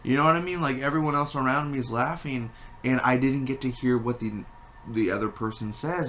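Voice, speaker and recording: A man giving a casual spoken movie review, rambling and animated, with many fillers and restarts. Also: medium pitch, fairly quick, a little hiss or hum.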